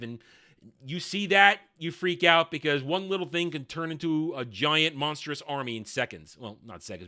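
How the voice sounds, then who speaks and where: A man's voice: on the high side, pushed and bright. Sarcastic man reviewing a TV episode. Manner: sarcastic, irreverent and blunt. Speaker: TV show reviewer. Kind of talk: casual video review commentary.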